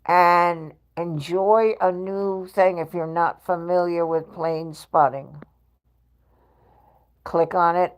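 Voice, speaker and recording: A woman hosting a casual home livestream, chatty and laughing often as she reads her chat aloud. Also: on the low side. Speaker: livestream host. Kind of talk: casual live-stream chat.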